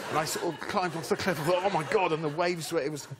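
A man guesting on a talk show, telling a funny anecdote with animated comic delivery. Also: on the high side, fast. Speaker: comedian guest. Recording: loud studio audience and noise.

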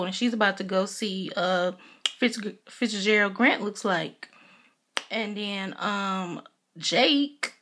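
A woman's voice: mid-range voice, fairly bright tone. A young woman vlogger giving a casual, chatty recap of a TV episode, retelling scenes and quoting characters as she goes.

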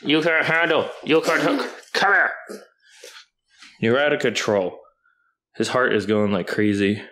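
A man making a casual home vlog at night, playfully scolding his dog and jumping into a high sing-song voice. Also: unhurried, sharp tone. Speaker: vlogger. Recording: echoey room, voice far from the mic, faint noise.

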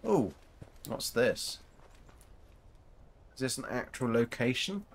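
Brief: gaming host, rambling casual commentary, animated pitch, mid-range voice. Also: male voice, slow pace, gravelly. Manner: rambling, chatty, talks to viewers.

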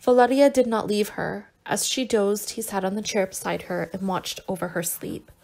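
A woman reading a novel aloud as an audiobook, in measured, unhurried phrases. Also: medium pitch, fairly even intonation, creaky, a little mellow. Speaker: audiobook reader.

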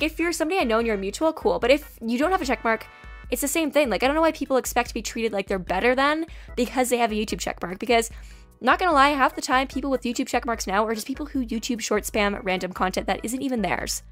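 Brief: woman, high and quick, sassy storytime vlogger, faint music underneath. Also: a bit bright. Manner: sassy, chatty, lots of "like". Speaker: YouTube graphics artist. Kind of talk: casual storytime vlog. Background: faint background music.

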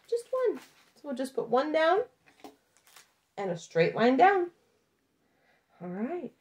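A woman teaching a children's lesson, talking patiently in a sing-song teacher voice to young kids. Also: on the high side.

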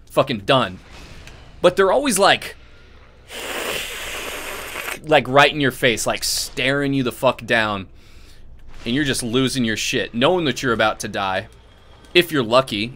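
Bright-voiced, foul-mouthed gaming man. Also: mid-range voice. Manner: profane, excitable outbursts at the game; rambling chatty asides. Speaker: gaming channel host. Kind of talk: gameplay commentary.

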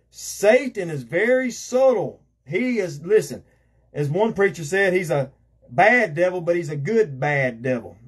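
A man's voice: on the high side, husky. A man preaching a conversational sermon as an evangelist, repeating himself and filling with "you know".

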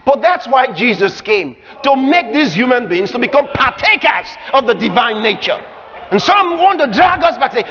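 High-voiced preaching man, shouting emphatically. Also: sing-song, normal speed. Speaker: pastor. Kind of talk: sermon. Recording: muffled live recording with crowd and noise.

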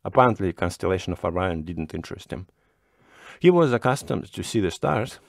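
A man with a lowish voice reads a classic short story aloud at a slow, measured pace. The recording is dry and close, with no room sound. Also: animated, vocal fry, no room sound. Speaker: narrator. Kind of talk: scripted story narration.

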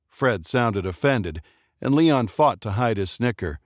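A man reading a short story aloud as an audiobook narrator, in a steady, measured way. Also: mid-range voice, no room sound, clean studio sound. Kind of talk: scripted narration.

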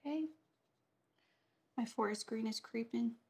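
A woman's voice: on the high side, a little slow, gravelly, a little mellow, husky. A woman, teaching a watercolor painting tutorial in her home studio and chatting casually as she works. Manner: chatty, easily distracted while painting. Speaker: watercolor instructor.

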